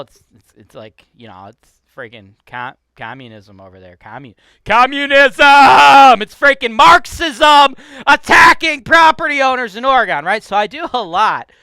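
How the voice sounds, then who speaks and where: A man's voice: a little high, sharp tone, smooth, no room sound. A man from Cleveland, Ohio with a Cleveland accent, hosting a real estate show in a brash, profane, ranting style. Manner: brash, profane, keeps asking "right?". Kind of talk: casual ranting vlog.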